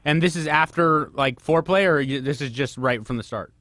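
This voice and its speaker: A man's voice: on the high side, fairly quick, fairly bright tone, no echo. A man hosting a call-in radio advice show, giving frank advice and firing off probing questions. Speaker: radio host.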